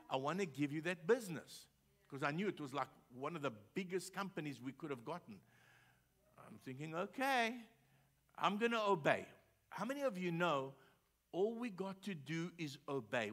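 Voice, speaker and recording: A man's voice: on the high side, fairly bright tone. A man preaching a sermon as pastor, telling a personal story in a conversational way with frequent repeated words. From South Africa.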